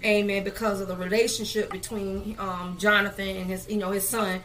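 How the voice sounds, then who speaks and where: A woman's voice: medium pitch, little pitch movement, a little fast, fairly bright tone. A woman leading a Bible study, preaching fervently with frequent amens and hallelujahs and many fillers.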